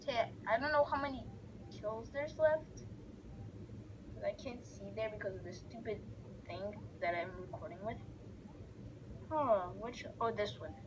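A young woman giving rambling, excitable let's play commentary as she narrates a game aloud. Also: mid-range voice, measured pace, pauses often, noisy background. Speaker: gamer.

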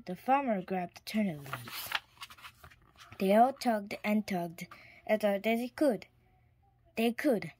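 A woman reading a children's picture book aloud in a clear storytime manner, now and then dropping to a whisper. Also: mid-range voice, a little mellow, a little hiss or hum. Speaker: storybook reader.

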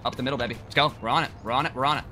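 A man giving excited, joking gameplay commentary with crude trash talk and bursts of yelling. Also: medium pitch, very fast, a little hiss or hum. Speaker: gaming video creator.

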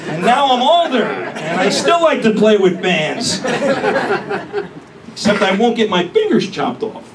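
A man doing a crude, brash stand-up comedy set, recorded on a distant mic with room noise. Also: extremely high pitch. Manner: brash, crude, punchy delivery.

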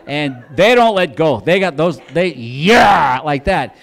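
A middle-aged man on a comedy club stage tells a long story in a fairly high voice. He rambles and repeats words, and he acts out the lines of the people in his story. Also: animated, unhurried. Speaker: stand-up comedian. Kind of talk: stand-up storytelling.

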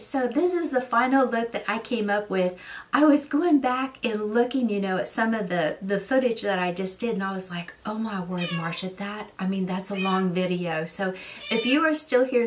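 A woman's voice: on the high side, moderate pace, noisy background. A middle-aged woman, chatting casually and rambling on as a beauty vlogger. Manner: rambling storyteller who goes on and on. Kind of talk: casual get-ready-with-me chat.

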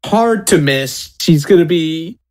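A man's voice: a little high, expressive, slow pace. A man playing a tabletop game, chatting in a rambling, giggly way and often restarting his sentences. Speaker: player. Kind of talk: casual tabletop game play.

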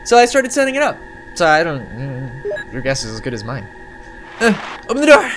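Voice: mid-range voice, wildly swooping pitch, a little fast. A live-streamer giving casual, jokey commentary while playing a horror video game, swearing offhandedly, laughing often and chatting with viewers. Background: game music.

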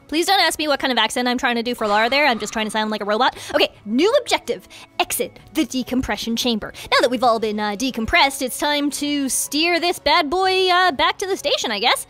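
Bubbly high-voiced woman gaming host. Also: a little fast, faint music behind. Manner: bubbly, excitable, giggly. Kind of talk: game commentary.

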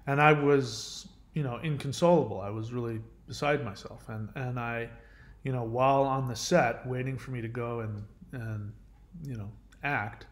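A man's voice: mid-range voice, moderate pace. A middle-aged man speaking earnestly to camera in a candid self-help monologue, with many fillers and restarts.

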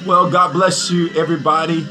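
A man's voice: fairly high pitch, steady tone, a little fast, over music. A man, a pastor and prophet greeting viewers on a livestream, upbeat and chatty, repeating his greetings.

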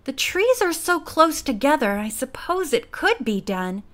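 A woman voicing a sharp, curious teenage girl detective who thinks aloud in earnest. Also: high voice, very animated, normal speed.

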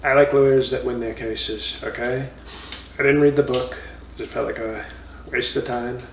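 A man's voice: medium pitch, steady tone, moderate pace, vocal fry, roomy sound, recorded from a distance, slight background noise, close to an everyday voice. A man doing a boastful rambling ex-president. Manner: boastful, rambling, insulting nicknames. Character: comic impression of a blustering former male president. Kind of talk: comedy impression monologue.

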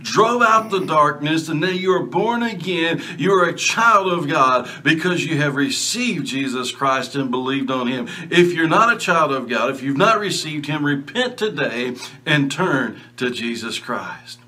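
A man delivers an earnest, emphatic devotional message, repeating his points to drive them home. His voice is bright and forceful and sits a little high. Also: expressive, a little slow. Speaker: preacher. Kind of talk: recorded devotional video sermon.

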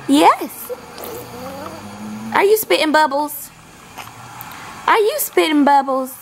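A woman's voice: sits high, lively intonation, slow pace, gravelly, pauses often. A woman speaking baby talk, coaxing a little child and repeating herself in a sing-song way.

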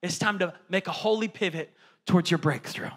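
A male pastor preaches with emphatic, exhorting energy in a high, bright, forceful voice. His words carry a long reverb that fills a large church hall. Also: fairly quick, slightly rough. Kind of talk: sermon.

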